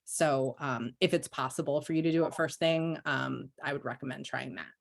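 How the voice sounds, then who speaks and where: A woman's voice: very deep voice, normal speed, gravelly. A woman on a panel discussion, earnestly giving practical advice over a video call. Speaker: panelist, mystery writer.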